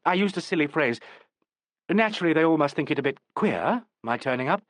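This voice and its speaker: A man's voice: on the high side, lively intonation, fairly quick, fairly bright tone, no echo, clean studio sound. A man reading the part of an earnest young woman, a theatre dresser and understudy, in a pleading, apologetic way.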